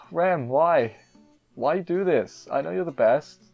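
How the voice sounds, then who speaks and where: A man's voice: fairly high pitch, lively intonation, slow pace, creaky, phone-quality sound, faint music behind. A man reviewing an anime episode in casual chat, rambling and emotional, often cutting himself off mid-sentence. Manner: emotional, rambling, self-interrupting.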